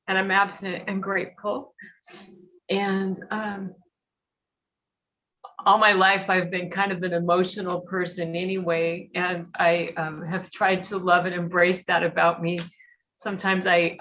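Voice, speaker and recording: A woman giving an emotional, halting personal share at a recovery meeting, teary and sniffling, with many fillers and restarts. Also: mid-range voice, fairly bright tone, dull audio. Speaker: guest speaker at a recovery meeting.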